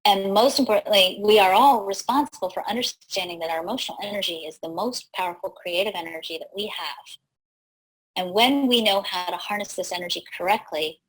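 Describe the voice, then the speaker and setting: Woman host explaining stuff on a live stream, kinda husky, keeps going "right?" and laughing. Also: mid-range voice, poor audio. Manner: animated, teacherly, often tags "right?"; laughs easily mid-sentence. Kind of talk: live-streamed teaching talk.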